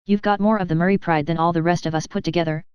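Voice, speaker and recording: Wallace: woman doing a grim brisk uncle. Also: on the low side, steady tone, a little mellow, clear, resonant tone, no echo, muffled recording, lightly acted. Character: brisk, grim, hurried middle-aged uncle.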